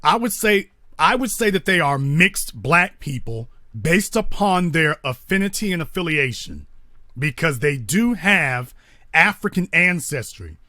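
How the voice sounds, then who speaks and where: A man's voice: fairly high pitch, expressive, a little slow, pushed and bright, no room sound, clean studio sound. A man hosting a call-in talk show, lecturing a caller in an emphatic, pointed way. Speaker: host.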